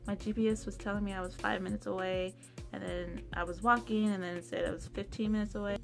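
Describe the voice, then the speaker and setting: A young woman vlogging a casual storytime, chatty, acting out quotes in a higher voice. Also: fairly even intonation, fast, gravelly, over music.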